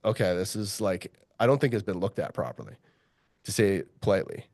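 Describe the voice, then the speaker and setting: Profane, animated man telling a mining story. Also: sits low, a little fast, no echo, clean studio sound. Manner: profane, animated, acts out quoted voices. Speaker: mining geologist guest. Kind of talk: storytelling interview.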